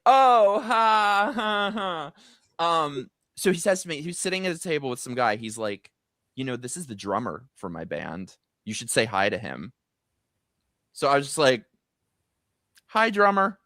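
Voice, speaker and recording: A middle-aged man hosts a casual live stream and tells a story about running into someone years ago. His pitch climbs and falls a lot as he tells it, and the sound is dry and close to the mic. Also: no room sound. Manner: chatty, storytelling, swings high in pitch when excited. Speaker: host.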